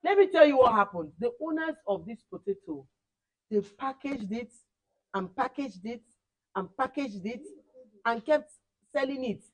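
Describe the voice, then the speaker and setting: Animated woman teaching children. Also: a little high, a little slow, low-quality recording. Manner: animated, repeats words for emphasis. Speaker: camp teacher.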